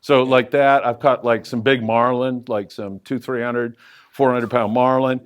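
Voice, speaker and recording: Middle-aged male host, mid-pitched, loose live Q&A storyteller on a handheld mic. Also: a little slow. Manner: lively anecdotal storyteller with loose fillers, pitch jumping up for emphasis. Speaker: fishing show host answering audience questions. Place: event room with a live audience.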